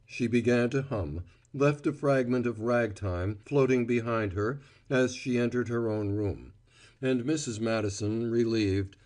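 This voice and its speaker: Measured and expressive, a man's medium-pitched voice delivers scripted narration for an audiobook.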